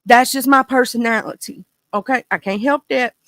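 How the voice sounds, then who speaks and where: A woman in her thirties with a Mississippi Southern accent, hosting a casual livestream chat in a goofy, animated, rambling way. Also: fairly high pitch, moderate pace, no echo. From small town in northern Mississippi, USA. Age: 30s. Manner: goofy, animated, talkative, goes off on tangents. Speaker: livestream host.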